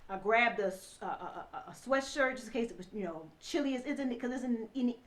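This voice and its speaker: A woman telling an emotional personal story, halting and restarting often as she relives it. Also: fairly high pitch, expressive, a bit bright. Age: adult mother. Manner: halting, many restarts, acts out quoted dialogue.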